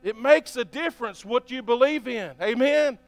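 A man's voice: very high-pitched, normal speed, no echo. A man preaching a sermon as pastor, reading scripture aloud and often asking the congregation for an amen. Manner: reads scripture aloud between remarks.

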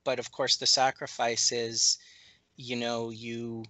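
A man's voice: mid-range voice, level tone, takes it slowly, sharp tone, no echo, poor audio. A man being interviewed about creating a cartoon series, talking thoughtfully with many restarts and fillers. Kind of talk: conversational interview.

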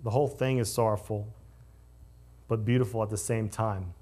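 A male pastor preaching a conversational sermon, moving between lively storytelling and hushed, solemn passages. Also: on the low side, normal speed.

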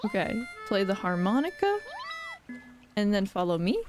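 A young woman live-streaming a game playthrough, playful and giggly, reacting out loud. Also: mid-range voice, very animated, moderate pace, long pauses, faint music behind.

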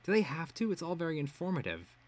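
A smug, sharp-tongued teenage villain girl, as a male reader puts her on. She teases and mocks in a lifted, sing-song voice. It is a read-aloud story. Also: a little high, big pitch swings, fast, voice pushed up. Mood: teasing. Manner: teasing, mocking.

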